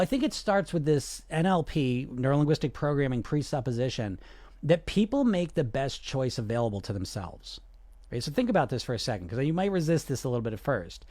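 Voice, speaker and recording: A man's voice: medium pitch, big pitch swings, fairly quick, dark tone, no room sound. A man, coaching on weight loss and talking earnestly and persuasively, often checking in with the listener. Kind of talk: direct-to-camera coaching talk.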